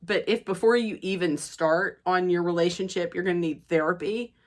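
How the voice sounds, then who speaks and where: At a moderate pace and a fairly low pitch, a woman goes over a reality show in relaxed conversation. She retells it gossip-style, chatty, voicing the quotes as she goes.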